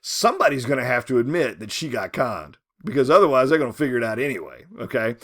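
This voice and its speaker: A man in his fifties or older, a literature professor, giving a recorded lecture with animated rhetorical questions and chatty asides. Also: mid-range voice, fast.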